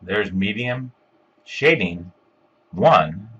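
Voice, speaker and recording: A man giving a step-by-step screencast software tutorial, talking casually with lots of ums and uhs. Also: fairly low pitch, lively intonation, drawn-out words, breathy edge, muffled recording. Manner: step-by-step, filler-heavy with frequent ums and uhs. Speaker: instructor.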